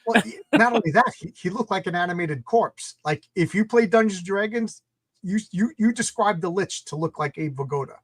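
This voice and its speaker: A middle-aged man from New York reminisces and jokes as a guest in a casual chat, often stumbling over his first words. His voice sits high, and it is recorded close and dry. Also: expressive, a little fast, breathy edge, dry recording. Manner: reminiscing, joking, repeats words when starting.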